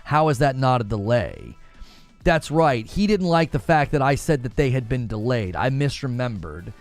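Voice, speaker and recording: Guy doing a gaming news stream, chatty and animated, jumps way up in pitch when he quotes people, faint music under him. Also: normal speed. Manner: animated, talks to chat, mimics others in raised voice. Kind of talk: casual live-stream commentary.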